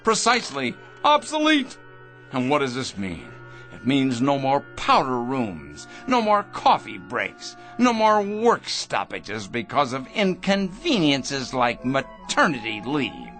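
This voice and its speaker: A man's voice: mid-range voice, huge pitch swings, slow pace, a bit bright, faint music behind, heavily acted. A middle-aged man playing a cold, pompous factory owner who is obsessed with efficiency and speaks condescendingly. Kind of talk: 1960s radio drama acting.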